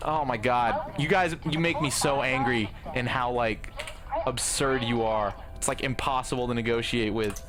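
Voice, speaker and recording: A man's voice: medium pitch, fairly even intonation, normal speed, music in the background. A young man livestreaming a game, talking casually with lots of swearing and ranting. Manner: profane, ranting, bursts into shouting. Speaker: gaming livestreamer.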